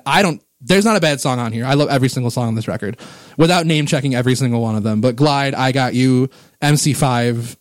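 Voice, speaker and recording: A man's voice: medium pitch, no room sound. A man in his thirties or forties hosting a casual music podcast, rambling with enthusiasm and getting emotional about favorite records, on a close microphone. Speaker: podcast host.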